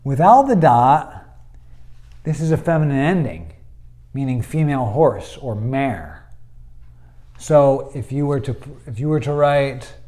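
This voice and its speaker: A man's voice: medium pitch, lively intonation, a little slow, pauses often, dark tone. A man, teaching a Hebrew grammar lesson, patient and explanatory, with many fillers.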